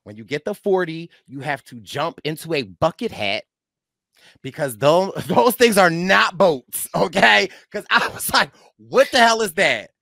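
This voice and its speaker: A man hosting a casual recap chat, animated and often laughing as he acts out quotes. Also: on the high side, unhurried, vocal fry, no room sound, clean studio sound. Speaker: host.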